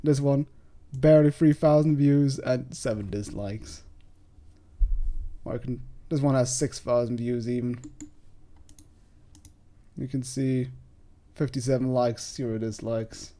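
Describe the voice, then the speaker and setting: A man's voice: mid-range voice, steady tone, unhurried, pauses often, mellow. A man hosting a let's play, chatting casually and rambling a little. He makes fun of himself, and his voice is slightly throaty. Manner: chatty, rambling, self-deprecating. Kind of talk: casual gameplay commentary.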